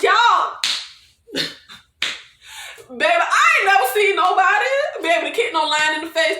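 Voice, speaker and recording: A woman recapping a film in a casual, chatty flow, talking straight to her viewers. Her voice is bright and sits a bit high. The room around her rings with echo. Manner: animated, chatty, addresses viewers as y'all, laughs often. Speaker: movie reviewer.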